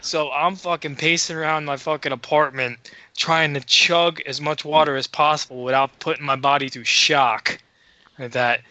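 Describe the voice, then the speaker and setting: A man co-hosting a podcast, telling a story in casual chat, excitable and full of swearing. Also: fairly high pitch, normal speed, no room sound. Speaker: podcast co-host.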